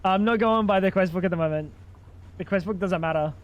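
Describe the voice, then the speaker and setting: A British man talks loosely to his stream chat as he plays, in a voice that sits high for a man. He is chatty and swears freely between game remarks. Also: brisk, lo-fi sound. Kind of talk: casual live-stream chat while gaming.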